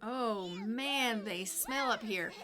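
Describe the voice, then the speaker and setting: A woman's voice: on the high side, slow pace. A woman voicing a lazy adult husband who whines his way out of chores. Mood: easygoing. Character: lazy grown man, a husband dodging chores.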